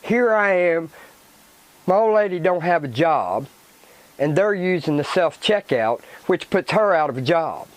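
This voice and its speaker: A man vents on his own channel, angry and swearing freely. He talks slowly, and his fairly high voice swings widely as his temper flares. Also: expressive, no echo, low-quality recording. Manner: swearing, agitated ranting with repetition. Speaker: channel host. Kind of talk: angry vlog rant.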